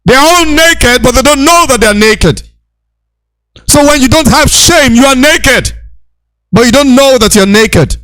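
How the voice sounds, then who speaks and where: A man giving a preachy, impassioned lecture, repeating his points and shouting rebukes. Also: extremely high pitch, lively intonation, measured pace, no echo.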